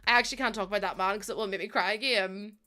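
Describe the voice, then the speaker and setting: A woman's voice: mid-range voice, fairly even intonation, rapid-fire, sharp tone. A young adult woman live streaming, chatting casually with her viewers in a giggly, gushing and emotional way.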